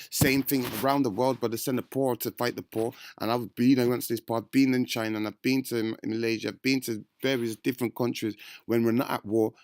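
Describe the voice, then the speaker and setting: A man's voice: mid-range voice, creaky, darkish tone, dry recording, studio quality. A man giving rambling, slangy commentary on an interview clip, calling his listeners bro and family. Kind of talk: casual reaction commentary.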